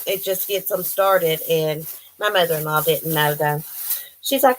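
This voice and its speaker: Slow-talking chatty woman. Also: lowish voice, vocal fry, background noise. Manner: chatty, gushing, apologetic. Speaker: vlogger opening mail. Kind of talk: casual chat to camera. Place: home. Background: dogs barking now and then.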